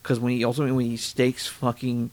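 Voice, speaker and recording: A man's voice: mid-range voice, monotone, fast, a little mellow. Male, casual chat; dismissive, rambling, loose profanity.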